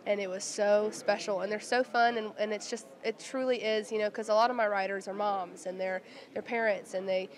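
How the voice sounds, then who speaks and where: A woman from Oklahoma chatting as a guest songwriter, telling stories quickly with lots of restarts, while getting over bronchitis. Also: mid-range voice, steady tone. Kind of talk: casual interview chat.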